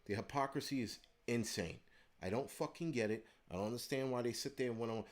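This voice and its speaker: A man rants through a story, swearing freely and getting heated as he goes. His voice sits at an ordinary, middle pitch. He talks like a channel host venting straight to his viewers. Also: fast talker. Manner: profane, heated, animated. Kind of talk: ranting storytelling monologue.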